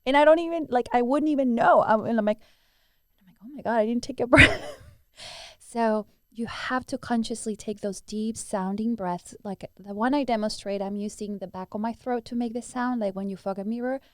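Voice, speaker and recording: A woman's voice: fairly high pitch, a little fast, hardly any pauses, darkish tone, no echo, clean studio sound. A woman who teaches breathwork, answering interview questions earnestly and demonstrating breathing sounds as she explains.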